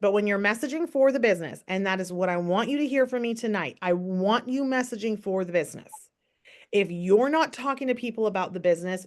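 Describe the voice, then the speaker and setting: A woman giving a casual, upbeat sales training on a call, coaching listeners and often asking rhetorical questions. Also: mid-range voice. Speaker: network marketing team trainer.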